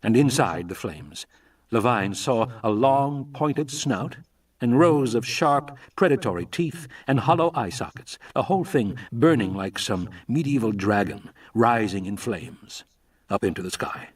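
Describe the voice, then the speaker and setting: Male live audiobook reader: husky, mid pitch, distant mic. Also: animated, unhurried.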